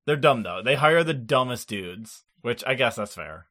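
A man's voice: mid-range voice, animated, normal speed, pushed and bright. A man co-hosting a podcast, recapping an anime episode in loose casual chat, laughing often and swearing. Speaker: podcast co-host.

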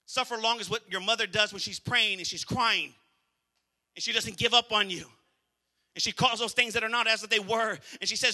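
A male pastor delivers a sermon with a high, very bright and piercing voice. He preaches emphatically, repeating phrases and calling out to his congregation in church. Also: steady tone, normal speed, in a large hall.

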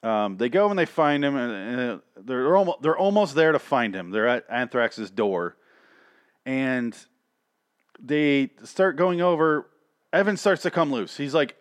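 A man's voice: mid-range voice, animated, measured pace, clean tone, no echo. A man rambles through a profane comedic recap, swearing freely and building into exasperated rants. His voice sits in a middling register, recorded close and dry with no room sound. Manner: rambling, crude, increasingly exasperated ranting.

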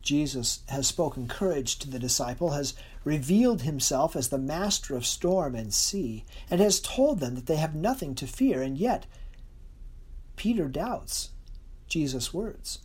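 A preacher delivering a sermon in an earnest, expressive way, slowing and softening for emphasis. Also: medium pitch, breathy edge.

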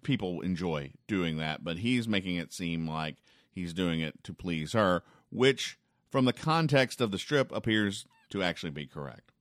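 A man with a very low, deep voice rambles through the weekend funnies with a dry, sarcastic wit. He trips over his words and leans on fillers as he goes. The sound is close and dry, with no room around it. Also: a bit bright, no room sound. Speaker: comics reviewer. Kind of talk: casual spoken commentary.

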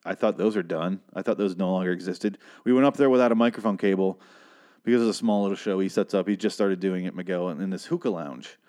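A man's voice: low voice, quick pace, mellow. A man from Michigan hosting a podcast, ranting in a rambling, sarcastic and profane casual monologue. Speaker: podcast host.

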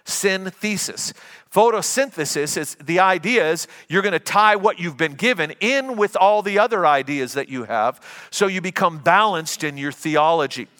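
A man's voice: a little high, lively intonation, normal speed, a bit bright, big-room sound. A middle-aged man preaching a sermon as a pastor, talking in a conversational, anecdotal way and often restarting his sentences.

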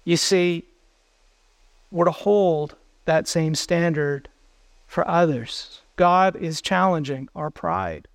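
A man's voice: fairly high pitch, slow pace, no echo. A man preaching a sermon as pastor, earnest, putting questions to the congregation.

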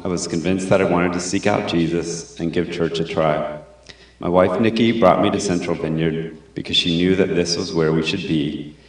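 A man reading his prepared testimony in a steady, measured way. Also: low voice. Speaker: person being baptized. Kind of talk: read-aloud prepared testimony. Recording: very echoey church hall.

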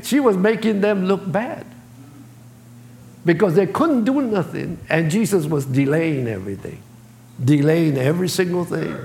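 A man's voice: on the high side, gravelly, darkish tone. A man preaching a sermon as pastor, speaking in plain colloquial phrasing and acting out voices. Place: church sanctuary. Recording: echoey church hall.

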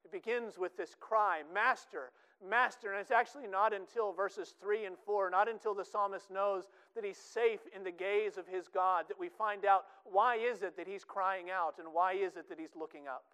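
A man's voice: high-pitched, steady tone, normal speed, few pauses, fairly bright tone, clear, resonant tone, low-quality recording. A man preaching a sermon in an earnest way, often repeating words for emphasis.

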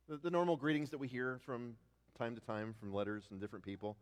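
A man preaching a sermon as pastor, often repeating words as he restarts, rising to loud declarations and dropping to hushed tones. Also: mid-range voice, expressive, fast talker, smooth, long reverb tail.

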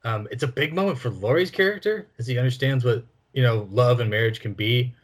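A man co-hosting a casual film-review podcast, speaking in a relaxed, personal way. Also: medium pitch, a little fast. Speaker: podcast co-host.

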